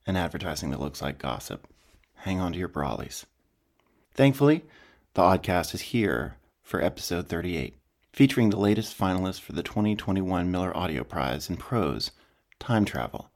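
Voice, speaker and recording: A man with a very low voice introduces a podcast episode from a script. His delivery is dry and wry, the way a managing editor presents the show. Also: a little mellow.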